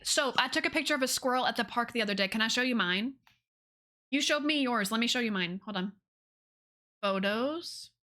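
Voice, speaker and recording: A young woman, chatting casually with viewers on a live stream, bubbly and gushing. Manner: bubbly, gushing, swoops up high when excited.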